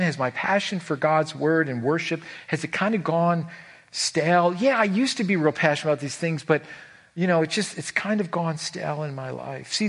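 A man preaching a sermon as pastor, earnest and emotional, who repeats words and swings from hushed to raised lines. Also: on the high side, slightly rough.

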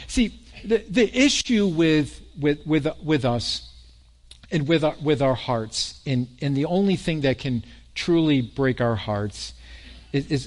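Animated preacher man with a higher voice. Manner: animated, repeats words, laughs with the congregation. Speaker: pastor. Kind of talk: sermon. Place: church sanctuary.

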